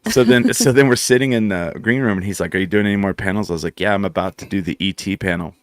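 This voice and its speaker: A deep-voiced man hosts a casual podcast chat and spins a lively convention story, jumping into the voices of the people in it and swearing freely. The sound is dry and close to the mic. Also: quick pace, no room sound. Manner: animated storyteller, acts out quotes, swears. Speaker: podcast host.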